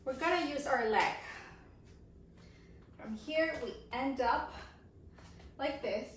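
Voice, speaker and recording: A woman's voice: sits high, takes it slowly, slight background noise. A woman teaching a belly dance choreography, counting beats aloud and checking in with the class. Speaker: dance instructor. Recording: echoey room, voice from far off the mic.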